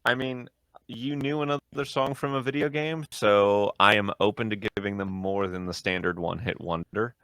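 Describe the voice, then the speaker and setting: Bright-voiced, low-pitched podcast host man. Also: steady tone, moderate pace, clear, resonant tone, no room sound, clean studio sound. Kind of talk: casual music review chat.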